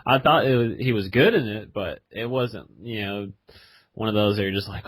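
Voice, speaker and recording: A man's voice: lowish voice, normal speed, a bit bright, dry recording. A man co-hosting a podcast in casual chat, rambling with lots of fillers. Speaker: podcast co-host.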